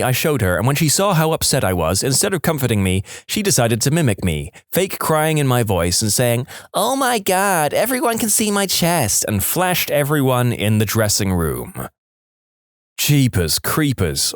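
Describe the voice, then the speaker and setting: Reading internet stories on a podcast, this man narrates expressively, letting his pitch climb and drop a lot. The audio is close-miked and dry, free of any room sound.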